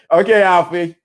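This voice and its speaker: A man hosting a casual livestream, talking to his chat in an animated, teasing way and laughing often. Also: high voice. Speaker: livestream host. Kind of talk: casual live-stream chat.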